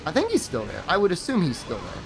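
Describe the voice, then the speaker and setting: Over music, a young man talks fast in a fairly high voice with huge swings in pitch. He's streaming a game and chatting with his viewers, rambling in a sarcastic way and laughing at his own jokes.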